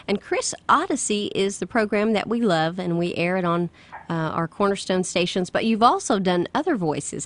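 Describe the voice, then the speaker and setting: A woman from Kentucky hosts a radio interview in a casual, upbeat way. Her Southern accent from the Tennessee border comes through in every phrase, at a middle pitch. She laughs easily and sounds delighted by her guest. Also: no echo. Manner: enthusiastic, laughs often. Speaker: radio host.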